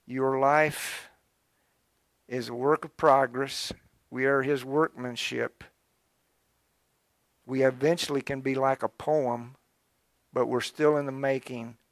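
A man's voice: mid-range voice, steady tone, slow, pauses often, no echo, studio quality. A male pastor preaching a sermon, fervent and exhorting, speaking directly to his congregation. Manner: fervent, exhorting, urgent early and quieter and reflective later.

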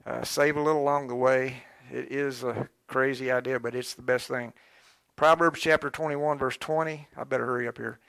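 A man's voice: mid-range voice, steady tone, moderate pace, creaky, a bit bright, dry recording. A middle-aged man preaching a sermon in a folksy, joking way. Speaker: pastor.

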